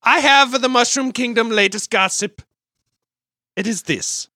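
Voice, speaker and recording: A woman voicing a sleazy villainous adult male rival brother with a hammy put-on Italian accent, shrill and defiant. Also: a little slow, bright, forceful tone, no echo, studio quality. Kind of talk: improvised podcast parody.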